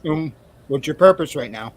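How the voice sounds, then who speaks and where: A male player in a casual tabletop session, with a slightly raised voice that swings widely in pitch. He gets straight to the point with pointed questions. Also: expressive, moderate pace, slight background noise, rough recording. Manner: direct, questioning. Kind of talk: casual tabletop game chat.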